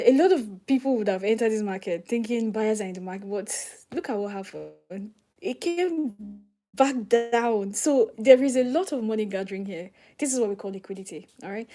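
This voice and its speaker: A woman's voice: mid-range voice, dark tone. A young woman live-streaming forex trading, explaining charts step by step, often dropping to a near-whisper and asking if viewers understand. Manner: chatty, explains step by step, asks "do you understand?". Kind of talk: live trading screen-share commentary.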